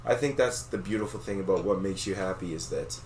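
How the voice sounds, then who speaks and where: A man hosting a podcast, chatting with enthusiasm and introducing his guest warmly. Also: low-pitched, brisk. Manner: enthusiastic, friendly. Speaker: podcast host. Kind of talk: casual interview chat. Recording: roomy, off-mic with faint noise.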